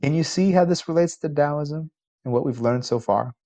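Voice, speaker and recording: A man lecturing as a college philosophy professor, conversational and posing rhetorical questions, animated when telling a story. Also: fairly high pitch, normal speed.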